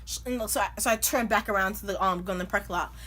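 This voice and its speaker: Young woman, vlogger, bright tone, animated and chatty, casual storytelling. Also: mid-range voice, fast talker. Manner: animated, chatty, filler-heavy with lots of "like".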